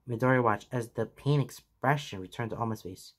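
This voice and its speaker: A man's voice: mid-range voice, fairly quick. Man reading fan fiction aloud.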